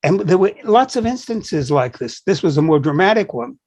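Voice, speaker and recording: A man's voice: sits high, sing-song, moderate pace, a little mellow. An older man co-hosting a podcast, a psychology professor who tells anecdotes and acts out the dialogue in them. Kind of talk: conversational discussion.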